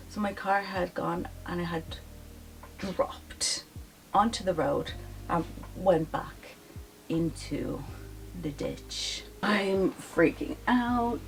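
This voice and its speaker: A young woman telling a story to her vlog audience in casual, animated chat, full of "like" fillers. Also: sits low, gravelly, rough recording. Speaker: vlogger. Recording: voice a bit off-mic, faint music behind.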